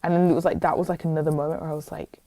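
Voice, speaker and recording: A British woman telling stories as a guest in a casual interview, lively and chatty, with lots of "like". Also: sits low, very fast, no room sound. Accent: British English. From England. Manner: lively, chatty, heavy use of "like". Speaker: guest musician.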